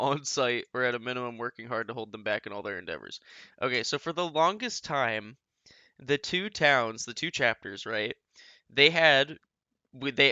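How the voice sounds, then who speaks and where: A man's voice: medium pitch, bright, forceful tone, smooth, no echo, highs cut off. A man casually explaining rules for a game as host, rambling with many restarts and asides.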